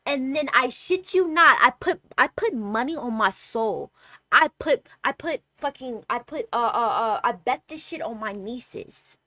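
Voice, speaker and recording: Animated, profane young woman telling a story. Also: on the high side, measured pace, dry recording. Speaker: streamer. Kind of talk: casual storytime.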